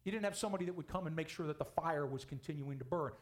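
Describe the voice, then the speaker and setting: Male pastor, fairly high voice, preaching with big swings in pitch and volume. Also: racing. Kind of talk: sermon.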